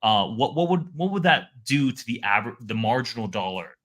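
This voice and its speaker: A man's voice: mid-range voice, sing-song, moderate pace, fairly bright tone. A man speaking as a guest analyst in a casual interview, talking in rambling runs full of restarts and fillers.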